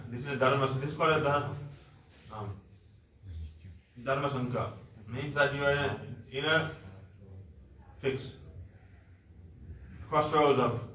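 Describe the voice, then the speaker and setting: A male preacher tells a devotional story in an animated way, acting out the dialogue and explaining terms as he goes. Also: mid-range voice. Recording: echoey room, mic far off, faint noise.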